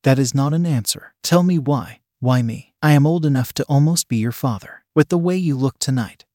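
A man's voice: mid-range voice, moderate pace, warm tone, dry recording, studio quality, natural voice. A man voicing a stern, flustered middle-aged male professor who speaks formally and carefully.

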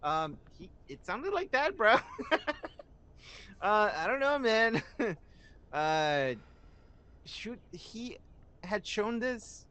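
A man's voice: high voice, big pitch swings, very slow, pauses often, pushed and bright, clear, resonant tone. A man co-hosting a podcast in casual chat, laughing often and stumbling over his restarts. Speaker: podcast co-host.

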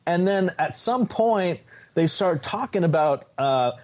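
A man's voice: high voice, animated, moderate pace, darkish tone. A man co-hosting a podcast, recapping episodes in a rambling, casual way. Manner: rambling recaps with many restarts and fillers. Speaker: podcast co-host. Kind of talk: casual chat. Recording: dull lo-fi sound.

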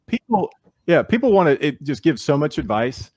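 A man's voice: a little high, normal speed, husky, no room sound. A man, a baseball player being interviewed, chatting casually and acting out the voices of people in his stories. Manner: animated storyteller who acts out quoted voices.

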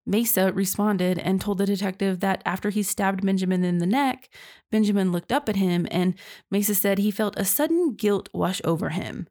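A young woman hosts a true crime podcast, walking through the case in a chatty, casual way with a warm, mid-range voice at normal speed. She reacts with disbelief, sighing and laughing, and says "y'all."

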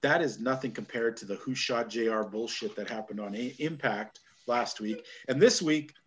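A Canadian man hosts a wrestling podcast in a loose, chatty way. He jokes, laughs easily and grumbles about what he dislikes, at an ordinary middle pitch. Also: moderate pace. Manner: jokey, grumbling, laughs often. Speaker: podcast host. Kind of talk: casual chat.

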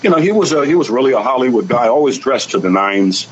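A man's voice: medium pitch, lively intonation, quick pace, dull audio. An older man telling folksy, anecdotal stories as a guest on a talk show, acting out the voices of the people in them. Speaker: guest, author and rancher. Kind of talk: storytelling on a radio talk show.

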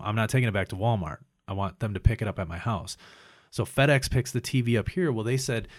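Profane, animated storyteller man, low voice. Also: dry recording, studio quality. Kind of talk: casual storytelling chat.

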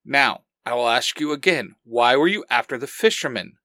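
A man voicing a calm, soft-spoken young male hunter who talks kindly and steadily. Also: a little high, normal speed, no room sound, studio quality.

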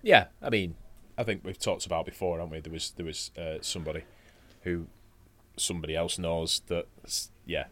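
A man's voice: deep voice, steady tone, brisk. A man co-hosting a podcast, swearing casually and recapping a wrestling match from notes between chatty asides. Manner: profane, chatty, laughs often, reads play-by-play notes. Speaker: podcast co-host.

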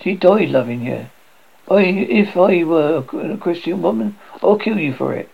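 A man's voice: high-pitched, lively intonation, measured pace, creaky, husky, highs cut off, voice pushed up, heavily acted. A man voicing a bitter, grieving old woman servant who talks in rustic country speech and hurls accusations. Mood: furious.

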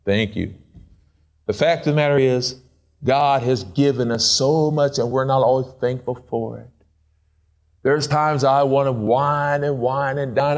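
A male pastor preaching a casual, playful sermon, swinging between excited high asides and low quiet remarks. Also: a little slow.

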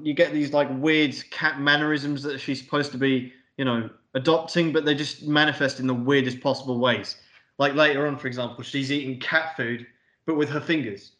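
A man's voice: on the high side, moderate pace, fairly bright tone. Sweary, rambling man in an echoey room. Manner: rambling, sweary, lots of fillers. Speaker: podcast co-host. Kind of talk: casual film review chat.

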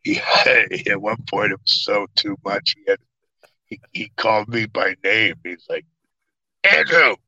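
Deep-voiced man telling animated stories. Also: unhurried, lo-fi sound. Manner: animated, profane, acts out quotes. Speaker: actor guest. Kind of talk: casual storytelling interview.

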